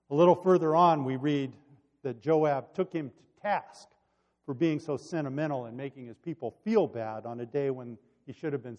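A man preaching a sermon, reading scripture with dramatic delivery and then reflecting quietly. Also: medium pitch. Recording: dull sound with long hall reverb.

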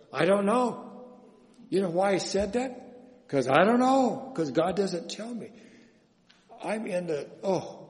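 Chaplain preaching in an echoing hall. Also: male voice, high-pitched, darkish tone. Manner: conversational preaching with rhetorical questions. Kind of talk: sermon.

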